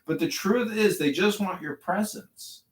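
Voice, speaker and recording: In an online audio chat room, a high-pitched man preaches about spirituality at a measured pace, rambling as he swings between calm and fervor. He seems far from the mic, and the distant capture is full of echo.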